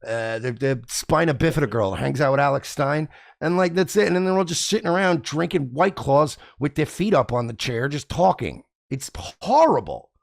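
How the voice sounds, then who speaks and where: Man, radio host, gravelly, fairly high voice, blunt and crude, rambling, dry close sound. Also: expressive, normal speed, no room sound. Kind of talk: casual, crude talk-show banter.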